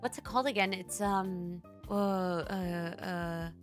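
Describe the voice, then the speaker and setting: A woman's voice: on the low side, fairly even intonation, slow, music in the background. A young woman from Brazil, a comedian, chatting casually as she reacts to a stand-up clip, often restarting her sentences.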